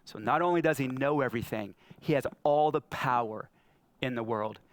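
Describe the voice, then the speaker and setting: A man preaching a sermon as pastor, telling Bible stories in an animated way and acting out the figures. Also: medium pitch, moderate pace, slight background noise. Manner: animated storytelling, acting out scripture.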